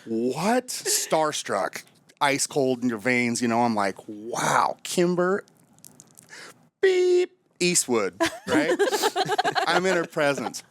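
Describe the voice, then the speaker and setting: A man's voice: medium pitch, huge pitch swings, slow pace, fairly bright tone, no room sound. A man from Nebraska telling a chatty, jokey story as a guest, a frog in his throat. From Omaha, Nebraska. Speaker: guest, camper finance manager. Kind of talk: casual storytelling.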